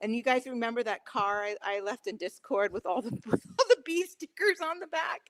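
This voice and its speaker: A woman's voice: fairly high pitch, expressive, brisk, over a noisy crowd. A woman co-hosting a casual live-stream chat, teasing and laughing as she tells stories. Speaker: co-host.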